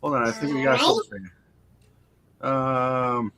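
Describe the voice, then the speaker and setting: A man's voice: medium pitch, moderate pace, pauses often, sharp tone. A man hosting a casual live stream, chatting in a rambling way with lots of restarts. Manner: rambling, restarts a lot, laughs at own jokes. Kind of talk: casual chat. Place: home streaming setup.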